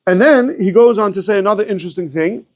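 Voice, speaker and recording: A rabbi teaching a casual Torah class to a small group, digressive and thinking aloud with fillers and restarts. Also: male voice, sits high, quick pace.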